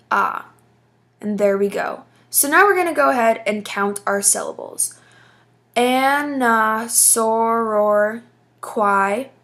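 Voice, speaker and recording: A woman's voice: on the high side, fairly bright tone. A woman teaching a lesson, explaining patiently step by step with frequent fillers. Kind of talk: casual classroom explanation.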